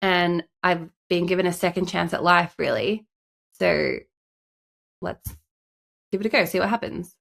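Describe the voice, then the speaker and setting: Gravelly-voiced woman with a stuffy nose. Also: lowish voice, measured pace, long pauses, fairly bright tone. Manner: chatty, frequent "like" fillers. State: stuffy, congested from a cold. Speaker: podcast co-host. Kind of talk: casual podcast chat.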